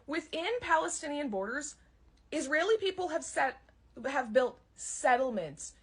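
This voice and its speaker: A woman's voice: sits high, big pitch swings, moderate pace, bright, forceful tone. A young woman, delivering a heated, profane, sarcastic rant. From Canada. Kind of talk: ranting monologue.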